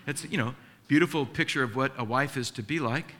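With noise in the background, a middle-aged pastor delivers a sermon in a mid-range voice at a slightly fast clip. He tells stories with animated, heartfelt emotion and voices the characters' dialogue himself.

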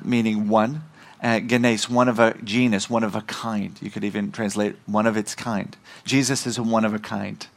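A middle-aged man, a visiting missionary, preaching a sermon and slowing down to stress key words. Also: mid-range voice, a bit bright. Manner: emphatic, slowing and rising on key phrases.

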